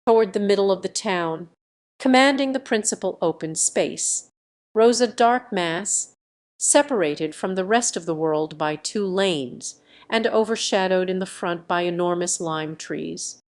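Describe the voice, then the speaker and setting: A woman reading a classic adventure novel aloud as an audiobook narrator, in an even, measured way. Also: on the low side.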